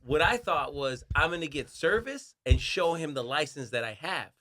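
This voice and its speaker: A man's voice: fairly high pitch, lively intonation, moderate pace, pushed and bright. A man who is a guest on a podcast, laughing a lot and giving short, sheepish replies in casual chat.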